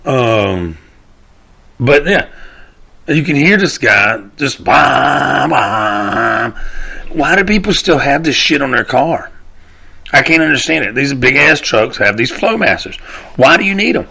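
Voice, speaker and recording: A man's voice: mid-range voice, lively intonation, a little slow, bright, forceful tone, slightly rough. A man, hosting a casual rant show, rambling and cursing as he laughs at his own stories. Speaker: podcast host. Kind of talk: casual ranting monologue.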